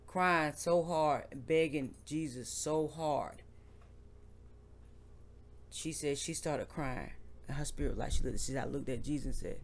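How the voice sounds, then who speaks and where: A man's voice: mid-range voice, fairly even intonation, normal speed, gravelly, a little hiss or hum. A man in an earnest, casual faith conversation, retelling a vision story and acting out the pleas of the people in it.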